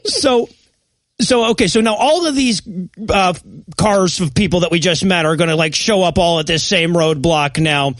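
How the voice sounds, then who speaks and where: A man's voice: high voice, moderate pace, a bit bright, dry recording. A man co-hosting a comedy podcast, recapping a bad movie in a rambling, sarcastic way with frequent laughs. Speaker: podcast co-host.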